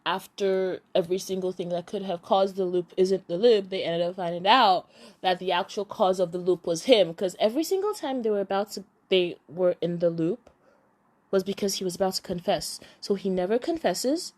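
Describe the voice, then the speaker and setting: A woman's voice: mid-range voice, moderate pace. A young woman casually recapping a drama, acting out the characters' lines and often laughing. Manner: animated storyteller, acts out characters' lines, laughs a lot. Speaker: podcast host recapping a drama.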